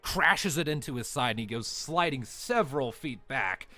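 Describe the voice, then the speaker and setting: A man's voice: medium pitch, lively intonation, moderate pace, pushed and bright. A man narrating a tabletop game as game master, in loose, hedging phrasing full of "sort of" and "like".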